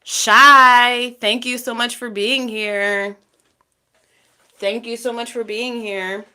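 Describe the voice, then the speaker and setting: A woman's voice: fairly high pitch, fairly even intonation, takes it slowly, clean tone. A woman from Texas hosting a tarot livestream, chatting casually and thanking viewers by name as they join. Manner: chatty, warm thanks to each viewer by name, frequent fillers.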